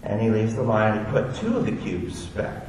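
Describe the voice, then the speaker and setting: A man's voice: on the low side, big pitch swings, a little fast, a loud crowd. A man from Florida telling personal stories before an audience in a chatty, self-deprecating, digressive way. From Orlando, Florida. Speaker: speaker giving a personal testimony. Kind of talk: storytelling talk before an audience. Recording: echoey hall, distant mic.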